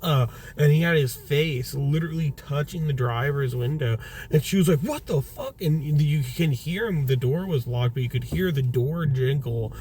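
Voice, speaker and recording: A man's voice: mid-range voice, moderate pace, few pauses. A young man, a food delivery driver rambling through profane stories inside his car. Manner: rambling, profane anecdotes with laughs. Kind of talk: casual storytelling vlog. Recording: distant mic with loud road noise.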